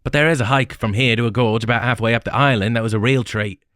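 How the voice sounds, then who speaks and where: A man plays an easygoing young New Zealand traveler, relaxed and quirky in manner, lifted a little above his own low register. The sound is dry and close-miked. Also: fast, no room sound, natural voice.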